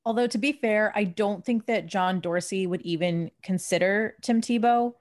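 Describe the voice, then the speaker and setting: Animated young woman sports co-host. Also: mid-range voice, moderate pace. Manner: animated storytelling, jokey. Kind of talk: casual chat.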